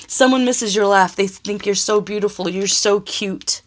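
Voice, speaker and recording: A woman's voice: mid-range voice, moderate pace, hardly any pauses. A young adult woman giving a casual tarot reading, emotional and exclamatory, laughing and tearing up as she talks. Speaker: tarot reader.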